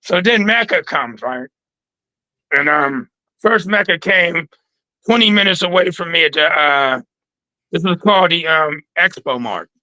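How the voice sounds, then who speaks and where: A man in a casual interview, telling stories in an animated, slangy way from his trophy room. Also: on the high side, a little slow, no room sound, rough recording. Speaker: guest.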